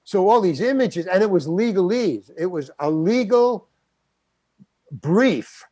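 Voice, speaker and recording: A man's voice: high-pitched, animated, slow, mellow, dry recording. An older man, a guest actor, telling a story in an interview and acting out the quotes. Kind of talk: anecdotal storytelling.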